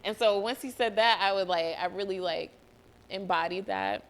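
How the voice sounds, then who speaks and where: A woman's voice: medium pitch, moderate pace, a little hiss or hum. A young woman hosting a solo podcast, telling a personal story candidly, swearing freely and close to tears at times. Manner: candid, swears freely, laughs and nearly cries. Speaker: podcast host.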